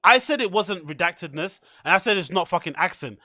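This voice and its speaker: Man, high voice, dry close sound, casual livestream commentary, swearing, laughing, mocking. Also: animated, brisk, sharp tone, no echo. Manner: swears often, laughs a lot, incredulous mocking. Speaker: podcast host.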